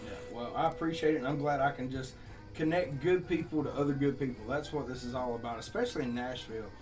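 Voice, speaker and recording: A songwriter from Southeast Georgia with a Southern accent, telling rambling, laughing, profane stories in a casual chat. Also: male voice, medium pitch, fast talker, music in the background. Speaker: songwriter guest.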